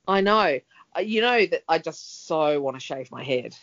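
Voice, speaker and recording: A woman's voice: low voice, animated, moderate pace. A middle-aged woman, co-hosting a casual chat and rambling with many fillers. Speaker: podcast co-host. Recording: dull lo-fi sound.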